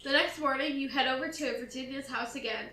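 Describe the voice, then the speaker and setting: A woman's voice: high voice, a little fast, pushed and bright. A woman co-hosting a podcast, casually reading a murder mystery aloud with blunt, joking asides. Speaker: podcast co-host. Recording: roomy echo.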